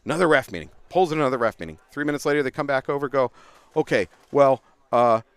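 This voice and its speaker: A middle-aged man, casually telling animated paintball stories as a livestream commentator outdoors. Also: mid-range voice, fast talker, smooth, dry recording. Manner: animated, laughing storyteller.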